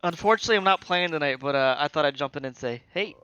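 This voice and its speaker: A laid-back man with a bright, slightly high voice drops in on a stream for a casual chat. He is losing his voice. He comes through a dull, dry, lo-fi mic. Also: expressive, rapid-fire, clean tone, dry recording. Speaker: guest dropping in on a stream.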